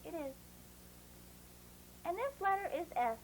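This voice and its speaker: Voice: extremely high pitch, big pitch swings, a little slow, a little hiss or hum, full character voice, low-quality recording. A performer voicing a cheerful puppet boy who teaches children to write letters in a bouncy, encouraging, sing-song way. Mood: cheery. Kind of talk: playful kids' lesson.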